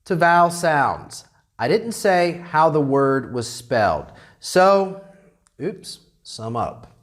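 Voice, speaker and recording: Lively American man teaching grammar slowly. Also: a little high. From United States. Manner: animated, checks in constantly with "okay?". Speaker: English teacher. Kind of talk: classroom grammar lecture.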